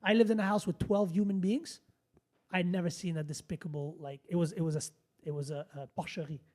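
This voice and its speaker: A man, hosting a podcast and telling a story in a casual, animated, blunt way, swearing freely and restarting sentences. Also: sits high, brisk. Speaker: podcast host.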